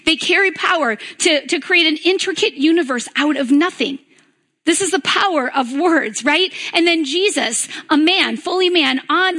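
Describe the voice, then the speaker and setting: A woman's voice: sits high, sharp tone. A woman pastor giving a sermon in a conversational way, often checking in with "right?".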